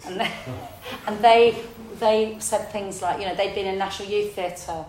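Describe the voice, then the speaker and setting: A woman, a theatre director telling her story in a relaxed, reflective interview. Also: medium pitch, normal speed, slight background noise. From south London, England. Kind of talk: casual interview conversation. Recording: roomy echo.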